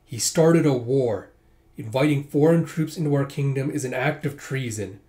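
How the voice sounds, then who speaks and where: A man's voice: mid-range voice, moderate pace, mellow, natural voice. A man voicing a solemn, dutiful young nobleman who speaks formally, in a storybook reading.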